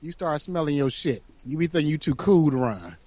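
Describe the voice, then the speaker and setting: High, lively-voiced man bantering. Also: a little fast, no echo. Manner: laughing, teasing, profane. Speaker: podcast co-host. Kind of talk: casual podcast banter.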